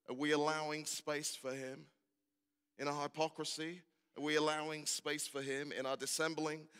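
A man's voice: fairly high pitch, fairly bright tone, clean tone. A man preaching a sermon, building with rhetorical questions and repeated refrains. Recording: long hall reverb.

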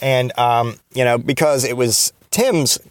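A man's voice: mid-range voice, takes it slowly, smooth, no room sound, studio quality. A man in his thirties telling rambling, profane stories from his past in a casual podcast monologue, full of restarts and fillers. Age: 30s. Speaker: podcast host.

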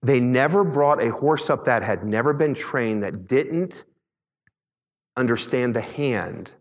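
A man preaching a sermon as pastor, emphatic, slowing on key words and asking the congregation questions. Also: mid-range voice, lively intonation. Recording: long reverb in a large hall.

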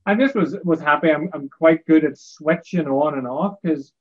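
A man's voice: a little high, normal speed, dull audio, background noise. A man hosting a casual chat, telling bar stories with wry, amused disbelief.

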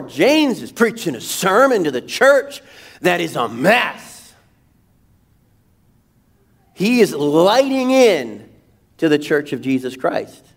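A man delivers a lively church sermon with a fairly high voice. He preaches with animated emphasis, firing rhetorical questions at the congregation and now and then shouting out a quoted line. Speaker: pastor. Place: church sanctuary.

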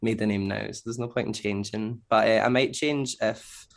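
This Scottish guest, a young producer and DJ, speaks at a moderate pace in a low voice with vocal fry. He rambles loosely and casually, leaning heavily on fillers.

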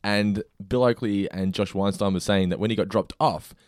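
A young man tells relaxed anecdotes on a podcast. His voice sits a little low, and he laughs along with his co-host. The recording is close and dry. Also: moderate pace, no room sound. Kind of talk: casual chat.

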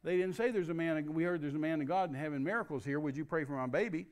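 A man's voice: fairly high pitch, fast, a little mellow. An older man, preaching and telling a story in a folksy way. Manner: folksy storytelling with restarts and laughs. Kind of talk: sermon storytelling.

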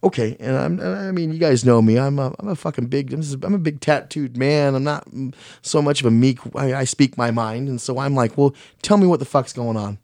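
A man's voice: mid-range voice, fairly quick, creaky, a little mellow, no room sound, studio quality. Blunt, swearing man telling a story. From Mexican heritage. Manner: blunt, heavy swearing, rambling; frank and self-critical. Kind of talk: casual storytelling chat.

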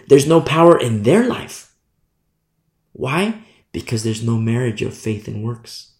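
A man's voice: mid-range voice, a little mellow. A man teaching a Bible sermon with fervent, emphatic repetition. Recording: roomy echo.

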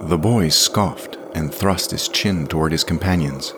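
A man reads a fiction podcast in a measured, plain storytelling voice. His pitch sits very low. A steady hiss lies under the whole recording. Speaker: narrator. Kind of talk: scripted story narration.

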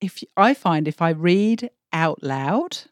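A woman's voice: fairly low pitch, animated, slow pace, no echo, studio quality. A woman counsellor, chatting casually, who often repeats her first words as she starts a sentence. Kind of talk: casual podcast chat.

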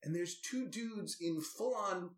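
Male podcast co-host, slightly higher voice, wry recap patter, echoey room. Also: expressive, slow. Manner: wry, recounting scenes with amused asides. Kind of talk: casual movie recap chat.

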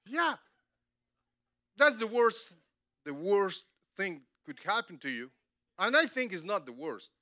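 A man preaches with a high, bright voice. He keeps an unhurried pace, speaks in animated, broken English and laughs often. The sound is dry and close, with little room around it. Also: no room sound. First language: Spanish. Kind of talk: sermon.

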